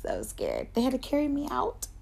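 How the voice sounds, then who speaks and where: A woman's voice: moderate pace, vocal fry, breathy edge. A woman co-hosting a casual chat podcast, telling stories animatedly and acting out quotes, sometimes dropping to a near whisper for asides. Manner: animated storytelling, acts out quotes with big pitch jumps and laughter. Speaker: podcast co-host.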